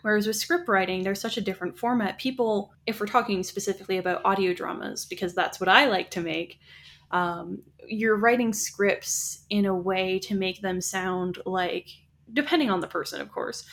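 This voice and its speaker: On a podcast, a woman co-host casually chats about writing, explaining ideas in a talkative way and often restarting her sentences. Her voice is medium-pitched and a bit bright, at a moderate pace.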